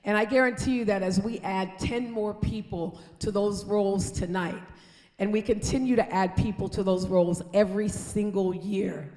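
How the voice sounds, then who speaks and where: A woman's voice: mid-range voice, steady tone, normal speed, a little mellow. A woman mayor giving an earnest, rallying welcome speech at an awards ceremony, calling out to the audience. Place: large historic theater. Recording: roomy theater with long reverb.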